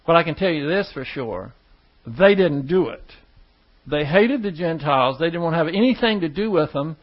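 A man's voice: on the high side, lively intonation, normal speed, lo-fi sound. A man preaching a sermon. He reads verses aloud and explains them in plain, conversational asides.

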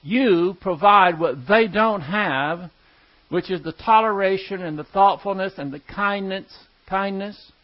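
Male pastor, high voice, emphatic teaching sermon, muffled lo-fi sound. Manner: teaching, emphatic with slow stressed words.

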